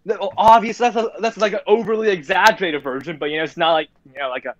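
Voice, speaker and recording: A man's voice: high-pitched, fairly even intonation, quick pace, no room sound, muffled recording. A young man hosting a casual voice-call chat, rambling with plenty of fillers. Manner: rambling, lots of fillers and laughs. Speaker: host.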